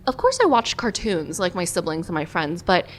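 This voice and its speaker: A woman journalist, a podcast guest, chatting casually and telling lively stories about her life, from Southern California. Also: lowish voice, moderate pace, slight background noise. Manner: lively, animated storytelling. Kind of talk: casual interview chat.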